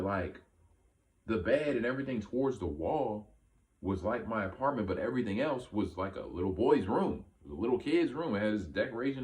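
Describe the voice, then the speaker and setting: A man in casual storytelling, rambling with lots of "like" and "right?", retelling something strange in an amazed, animated way. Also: deep voice. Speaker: vlogger telling a personal story.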